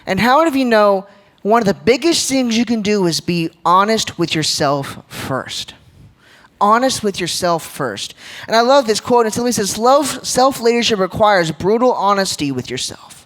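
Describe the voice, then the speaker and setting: A man's voice: high voice, expressive, moderate pace, a bit bright. A man giving a live leadership talk at a church gathering, joking and quizzing the crowd with questions. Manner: jokey, engages crowd with questions.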